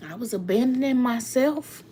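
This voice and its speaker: A woman's voice: on the high side, animated, moderate pace, warm tone, slight background noise. A woman tarot reader speaking heartfelt and emotional on a live stream to her viewers, often laughing.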